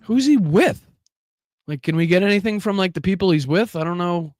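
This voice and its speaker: Profane, incredulous high-voiced male host. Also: expressive, brisk, darkish tone, no room sound, clean studio sound. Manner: profane, incredulous, laughs often. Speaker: political commentary host. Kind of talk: live-stream reaction commentary.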